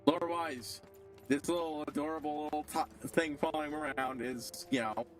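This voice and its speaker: Slightly high-voiced chatty male streamer. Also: steady tone, moderate pace, faint music behind. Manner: chatty, reads game dialogue aloud. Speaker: game streamer. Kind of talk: casual gameplay commentary.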